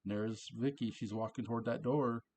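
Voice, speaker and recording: Man reviewing an episode, mid-pitched and chatty, laughs easily as he walks through scenes. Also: steady tone, moderate pace, a little mellow, a little hiss or hum. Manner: chatty, laughing, quotes lines in character. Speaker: show reviewer. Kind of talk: casual episode recap.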